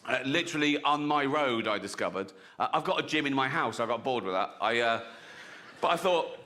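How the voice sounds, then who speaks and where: A middle-aged man from England performing a stand-up comedy set, animated and often laughing at his own jokes as he acts out little voices. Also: medium pitch, a little fast. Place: theatre stage before an audience.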